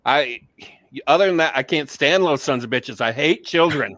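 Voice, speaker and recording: A man's voice: a little high, moderate pace, fairly bright tone, dry recording. A man co-hosting a casual podcast, talking bluntly with crude jokes and mock rants. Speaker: co-host.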